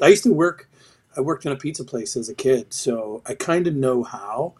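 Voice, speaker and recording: A man's voice: mid-range voice, moderate pace, creaky, husky. A middle-aged man talks as a podcast guest. He speaks bluntly and swears freely while he tells stories. His voice sits in a plain mid range. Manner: blunt, profane, storytelling. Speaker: podcast guest, retired sergeant major. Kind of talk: casual interview chat.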